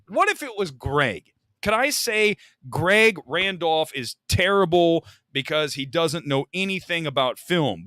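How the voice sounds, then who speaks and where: Brief: male live-stream host, slightly high voice, bright tone, rambling jokey chat. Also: no echo, clean studio sound. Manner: rambling, joking and self-mocking. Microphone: desk microphone.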